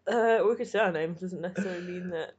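A woman's voice: fairly low pitch, fast, a little mellow, husky. A woman co-hosting a podcast from home, teasing and giggling through the banter. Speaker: podcast co-host. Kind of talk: casual comedic banter. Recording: dull lo-fi home recording.

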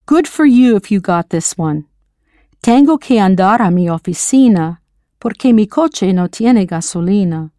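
A patient, encouraging American woman leads a scripted audio language lesson, prompting the listener to answer. Her voice sits at a middle pitch. The sound is close and dry, with no room around it. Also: animated, normal speed, warm tone, no room sound. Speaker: language teacher.

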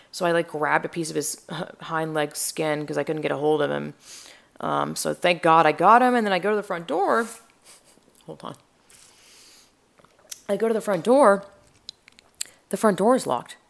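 Woman host, low voice with a gravelly fry, loose rambling profane storyteller. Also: moderate pace. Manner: rambling, profane, full of fillers and restarts. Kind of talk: casual chat.

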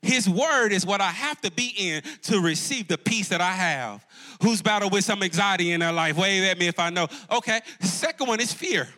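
A man with a high, expressive voice preaches as campus pastor to a live congregation in a church auditorium. Speaking at a normal pace in a bright, forceful tone, he calls out to the crowd and lets his voice climb and fall for emphasis.

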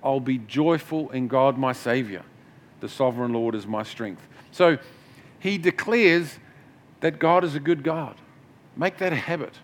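A man's voice: mid-range voice, measured pace. A middle-aged man preaching a sermon as pastor, in a conversational way with asides and restarts.

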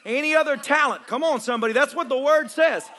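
Very high, bright-voiced fiery preacher man. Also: fast talker. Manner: fiery, shouting, joking with the congregation. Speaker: pastor. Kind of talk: charismatic sermon. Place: church service. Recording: live church recording with crowd and noise.

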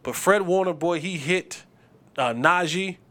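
A high-voiced man talking sports casually on his own show. He is animated and blunt, making quick picks and trash talk. He stumbles over words and repeats himself as he goes. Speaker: podcast host and former receiver.

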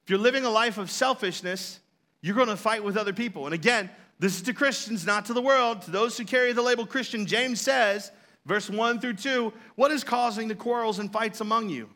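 Brief: male pastor, high bright voice, chatty storytelling sermon with playful asides. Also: brisk.

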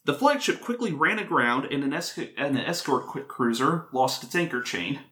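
A man's voice: medium pitch, lively intonation, moderate pace, bright, forceful tone. A man hosting a casual podcast, telling a history story in a rambling, joking way and often correcting himself.

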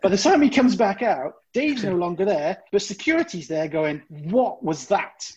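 A man's voice: sits high, normal speed, slightly rough, muffled recording. A man from Britain casually telling a profane cruise-crew story, acting out the voices of coworkers. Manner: lively, profane, acts out voices of others. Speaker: storyteller among former cruise ship crew.

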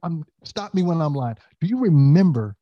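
A man's voice: a little high, lively intonation, moderate pace, warm tone, dry recording, lo-fi sound. A man in casual podcast chat, talking animatedly and acting out quotes, with many restarts.

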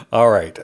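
A man's voice: medium pitch, husky. A man from Canada co-hosting a pinball podcast in casual banter, teasing his co-host and laughing often.

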